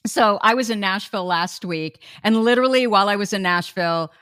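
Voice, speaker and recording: A woman from the United States hosting a podcast, talking conversationally with quick asides and tag questions. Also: medium pitch, fairly bright tone, clean tone, dry recording, studio quality. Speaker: podcast host. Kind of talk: casual podcast interview.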